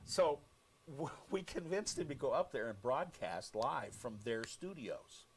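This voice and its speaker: Man, American accent, radio host, animated storyteller, mid-pitched voice, faint background noise. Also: a little slow. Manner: animated storyteller, acts out quotes. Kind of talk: casual storytelling on air.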